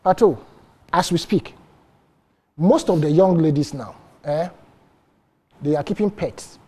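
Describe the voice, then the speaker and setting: A man's voice: on the high side, unhurried, mellow, husky. A man with a Ghanaian English accent on a morning show panel, speaking earnestly and using himself as an example. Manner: earnest, uses personal examples. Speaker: studio guest.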